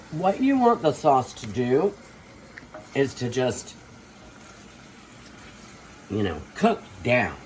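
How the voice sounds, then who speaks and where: Joking about her own cooking skills with theatrical, self-mocking bravado, an older woman leads a casual demonstration from her home kitchen. She speaks at an extremely low pitch, with slight background noise.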